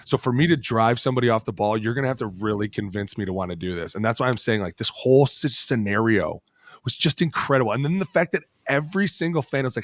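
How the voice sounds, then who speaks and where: A man co-hosting a podcast, a former lineman who tells football stories in animated, profane casual chat and laughs a lot. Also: medium pitch, quick pace, dry recording, studio quality. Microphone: studio podcast mic.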